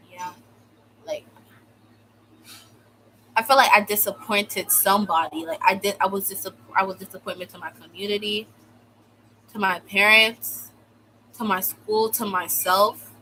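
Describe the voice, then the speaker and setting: Young adult woman, US-born vlogger, casual storytime rant, sarcastic and dramatic, full of "like", crisp bright tone. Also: mid-range voice, slight background noise, low-quality recording. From United States. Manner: exaggerated, sarcastic, fills speech with "like". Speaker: vlogger telling a personal story.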